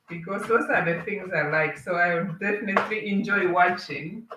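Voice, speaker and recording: A woman hosting a casual live cooking stream, chatting with viewers and greeting them as they join. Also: a little high. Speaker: cooking livestream host. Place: home kitchen. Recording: roomy, distant, with clear background noise.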